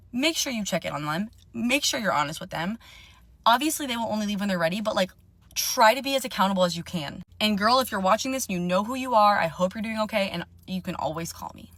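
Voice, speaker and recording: A young woman telling a dating story in a casual, animated rant, swearing often and sounding indignant. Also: mid-range voice, no room sound.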